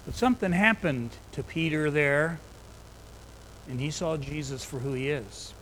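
A man's voice: on the high side, a little slow, a bit bright, slight background noise, poor audio. A man preaching a sermon in an earnest way, retelling scripture in plain everyday words.

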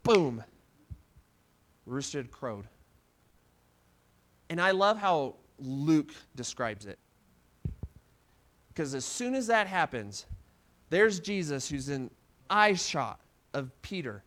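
Male pastor, high-pitched, animated sermon storyteller who acts out the quotes. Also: a little slow.

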